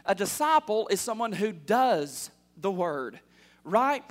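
A man in his thirties preaching a sermon as pastor, calling out for amens and building from quiet asides to fervent shouts. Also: high voice, big pitch swings, takes it slowly. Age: 30s. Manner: call-and-response preaching, building to loud fervor.

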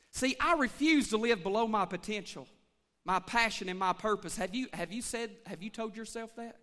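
A man's voice: high-pitched, a bit bright. A man preaching an impassioned sermon, calling out to his congregation for responses. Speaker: pastor. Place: church sanctuary. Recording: long church hall reverb.

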